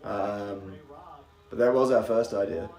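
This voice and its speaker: With only a faint trace of New Zealand in his mostly British-leaning accent, a man from New Zealand offers chatty live race commentary full of rambling asides. His fairly low, darkish voice is slow, with fairly even intonation, and the room is echoey.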